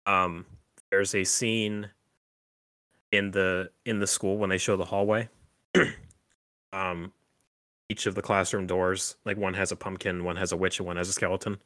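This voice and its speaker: Low-voiced man rambling through a recap. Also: level tone, moderate pace, pauses often, a bit bright, no room sound. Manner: rambling, filler-heavy with frequent "like" and "um". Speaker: podcast host. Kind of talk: casual chat recapping a horror film.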